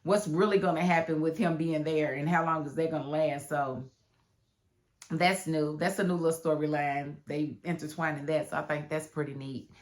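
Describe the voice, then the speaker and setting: A woman reviewing a TV drama episode in a casual, animated way, acting out the characters' lines. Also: low voice, normal speed. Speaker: TV show reviewer. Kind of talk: casual recap commentary.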